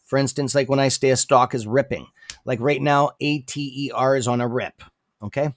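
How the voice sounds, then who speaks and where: Speaking at medium pitch with a steady tone and moderate pace, an accented man hosts a relaxed stock-market livestream. His English carries a non-native accent; he's chatty, repeats "okay?", and has sudden outbursts, with no room sound in the recording.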